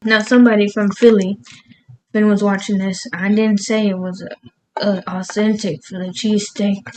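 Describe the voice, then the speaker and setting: A woman's voice: mid-range voice, level tone, moderate pace, darkish tone, slight background noise, low-quality recording. A woman cooking in her home kitchen, rambling casually and laughing at herself as she talks through her recipe. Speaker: cooking vlogger. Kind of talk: casual cooking vlog chat.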